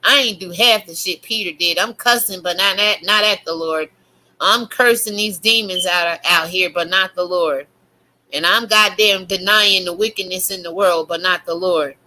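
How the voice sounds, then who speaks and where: Sex: woman. Role: YouTube preacher. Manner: fiery, cursing, bright voice. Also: mid-range voice, low-quality recording. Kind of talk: religious rant to camera.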